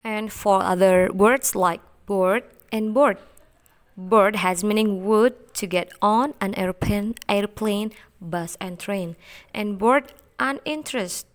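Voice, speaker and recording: Woman, young adult, English teacher, careful classroom explanation, halting non-native English. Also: medium pitch.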